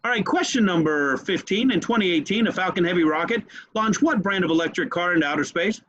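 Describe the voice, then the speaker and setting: Male host, quizmaster, jokey and loud, lively swooping voice, slightly high, dull lo-fi sound. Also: quick pace. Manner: loud, joking, swears freely. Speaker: podcast host, trivia quizmaster. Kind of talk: casual bar-room chat. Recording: dull lo-fi recording.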